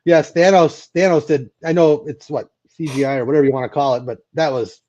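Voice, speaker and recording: A man's voice: on the high side, steady tone, brisk, darkish tone, lo-fi sound. A man co-hosting a casual livestream chat, joking and laughing often. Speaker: co-host.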